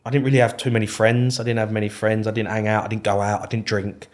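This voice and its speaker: A man, a former footballer telling stories in a casual interview, animated and swearing freely as he acts out old conversations. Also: on the low side, quick pace.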